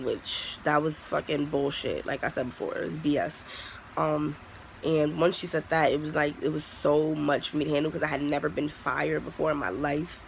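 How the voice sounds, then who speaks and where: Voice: mid-range voice, steady tone, moderate pace, creaky, slight background noise, rough recording. A young adult vlogger telling a personal story in a candid, profane, casual way, full of "like" and restarts. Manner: candid, profane, heavy use of "like".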